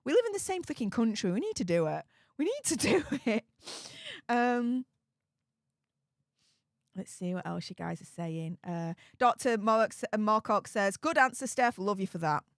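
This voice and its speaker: Hosting a laid-back live stream, a woman reads chat and replies in a chatty, blunt way, laughing often and using plenty of fillers. Her medium-pitched voice swings widely in pitch at a normal speed, recorded cleanly in a studio without echo.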